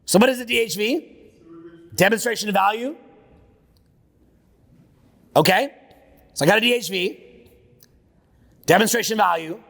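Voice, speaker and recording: A man with a fairly high voice and a gravelly edge leads a live seminar, talking brashly and profanely. He riffs off the cuff, and his voice carries through a hall with a long reverb. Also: unhurried, long pauses, a bit bright. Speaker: seminar speaker. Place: seminar room with an audience.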